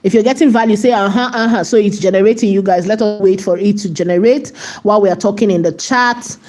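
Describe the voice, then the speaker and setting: A woman's voice: mid-range voice, fast, mellow. A woman hosting a live tutorial, chatting to her viewers as she walks through steps and often checking in with "right?". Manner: chatty, often asks "right?" and talks to the chat. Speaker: AI video tutorial host.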